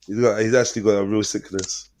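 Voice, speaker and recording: A man hosting a casual livestream panel chat, slangy and animated, quick to laugh. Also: on the low side. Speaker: livestream host.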